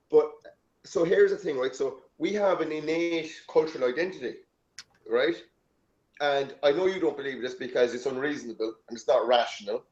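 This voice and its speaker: A man hosting a casual chat, rambling and animated, swearing freely. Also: on the high side, fairly quick. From Ireland. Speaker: host. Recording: roomy, dull lo-fi sound.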